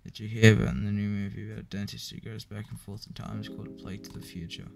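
A man reading a joke book aloud in a flat, weary way, with profane asides. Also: fairly low pitch, fast. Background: clear background music.

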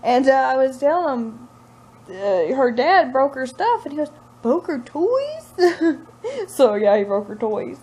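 In her living room, a woman in her thirties with a Southern US accent vlogs as a mom, chatting casually, rambling, and laughing often. She has a high, animated voice that is a little mellow, delivered at a measured pace.

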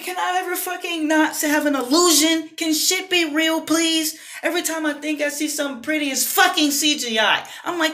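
A woman delivers a furious, profanity-laced rant straight to camera, tossing in "you know what I mean" again and again. Her voice sits high, and the room around her rings with echo. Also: bright, forceful tone. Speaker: vlogger. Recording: echoey room.

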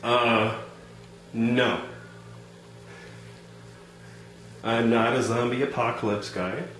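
A man playing a calm, polite customer who hesitates and fills his sentences while growing frustrated in a comedy sketch. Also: medium pitch, measured pace, roomy sound, slight background noise, close to an everyday voice, low-quality recording. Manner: calm, hesitant, over-polite, lots of fillers.

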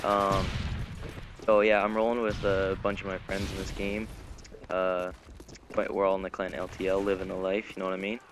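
A man's voice: low-pitched, monotone, normal speed. An eighteen-year-old man from Canada giving laid-back gaming commentary with lots of ums and uhs. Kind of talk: casual gameplay commentary. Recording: gunfire noise from game audio.

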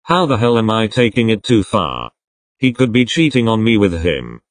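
A man's voice: lowish voice, very animated, normal speed, no room sound. A man voicing an angry, heartbroken young man who swears bitterly and gets defensive.

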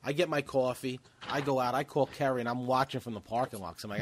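A man's voice: medium pitch, quick pace, slight background noise. A man co-hosting a comedy podcast, chatting casually and acting out the people in his stories. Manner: animated storytelling, acts out quotes. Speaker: podcast co-host.

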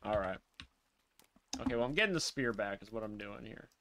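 A man with a lowish voice talks a little fast, with slight background noise, as he streams a live game playthrough. He's animated, swears freely, and reacts by talking to his chat and to the characters on screen.

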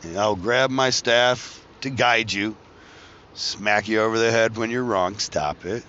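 A man talking on his own podcast in a loose, wandering monologue, cracking jokes and cursing as he drifts between ideas. His voice is bright and forceful, and the recording sounds dull and lo-fi. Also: on the low side, measured pace, slight background noise. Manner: joking, profane, wanders between tangents. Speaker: podcast host. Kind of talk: casual rambling monologue.

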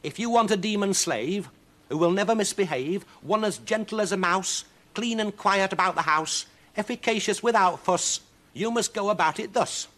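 A man doing a shrill flustered witch. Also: moderate pace, a bit bright. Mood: eager shrill. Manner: shrill, squeaky and fussy. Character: flustered, cross little failed witch woman.

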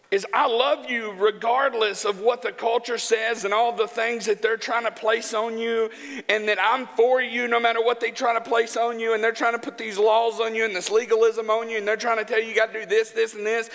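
A man from Arkansas preaching a sermon in a church, joking in a folksy, animated way. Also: very high-pitched, vocal fry. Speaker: pastor. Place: church sanctuary. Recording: church hall with long reverb.

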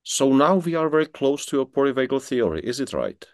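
A man hosting a talk show, asking polite, halting questions as he searches for his words. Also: medium pitch, sing-song, no echo, studio quality. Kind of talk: interview questions.

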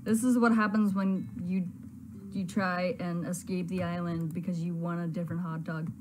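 A woman's voice: on the low side, little pitch movement, moderate pace, noisy background. A woman hosting a gaming video, giving flustered, exclaiming let's-play commentary with frequent stammers.

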